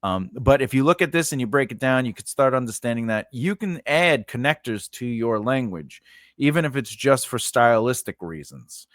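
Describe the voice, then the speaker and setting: A man's voice: medium pitch, animated, normal speed, fairly bright tone, no echo, studio quality. A man giving a casual lesson on building grammar for invented languages, rambling and correcting himself, often checking in with "right?". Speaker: writing teacher.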